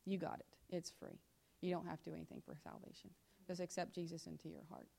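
A woman teaching a sermon to her congregation. She reads scripture slowly and loudly, then drops to quiet, quick asides and direct questions. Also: steady tone, gravelly, breathy edge. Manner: swings between loud emphatic scripture reading and low confiding asides; talks straight to the congregation with questions. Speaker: church teacher in ministry with her pastor husband. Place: in front of a church congregation.

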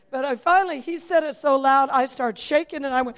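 A woman preacher telling stories in a sermon, swinging from quiet confiding lines to near-shouted dramatic peaks. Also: high voice, a little fast, hardly any pauses. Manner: animated, rises to near-shouting when telling dramatic parts. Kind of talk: sermon storytelling.

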